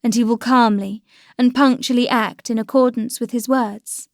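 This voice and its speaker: A woman's voice: fairly high pitch, steady tone, normal speed, no echo, clean studio sound, natural voice. A woman reading the lines of a proud aristocratic young wife, with raised, bitter irony. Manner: bitter frivolous irony, louder than the narration.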